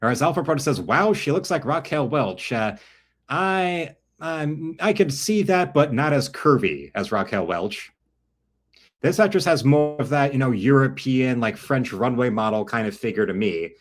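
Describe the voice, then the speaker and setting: A man's voice: medium pitch, animated, moderate pace. Rambling man commenting on films. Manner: rambling, self-correcting.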